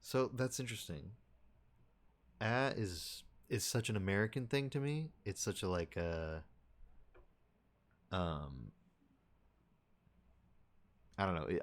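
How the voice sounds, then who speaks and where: A man's voice: sits low, a little slow, long pauses. A man streamer chatting casually with his viewers, thinking aloud in rambling, restarting sentences.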